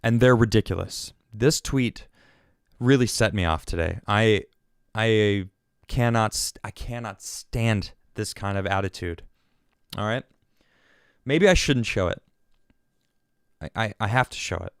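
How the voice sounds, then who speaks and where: A man hosting his own political podcast, ranting in an exasperated, animated way and often restarting his sentences. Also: on the low side, measured pace, long pauses, clean tone, no echo, clean studio sound. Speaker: podcast host.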